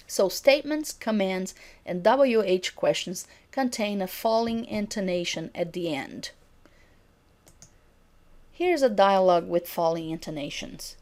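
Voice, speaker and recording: A woman's voice: mid-range voice, animated, a little mellow. Woman lecturing on intonation. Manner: reads example sentences slowly and clearly. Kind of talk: recorded lecture on pronunciation.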